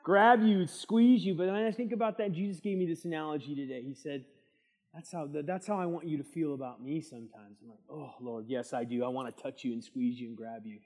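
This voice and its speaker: Warm-voiced man preaching in a reverberant hall. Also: a little high, a little fast. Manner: lively preaching with call-and-response asides. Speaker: Bible study teacher. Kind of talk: midweek church Bible study sermon. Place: church meeting room. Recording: long church hall reverb.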